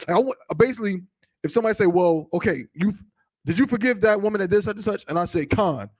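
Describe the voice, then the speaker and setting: A man in a scripture class asking questions and reading verses slowly, often affirming with "come on, come on". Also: high-pitched, darkish tone, no room sound. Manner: reads scripture slowly and deliberately. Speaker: student.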